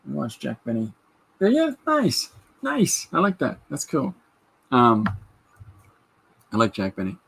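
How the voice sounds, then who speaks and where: A man's voice: mid-range voice, wildly swooping pitch, measured pace, creaky, pauses often, fairly bright tone, husky. A man in his fifties hosting a podcast, chatting in a rambling way and reading out viewer comments. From Canada. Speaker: podcast host. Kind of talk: casual livestream chat.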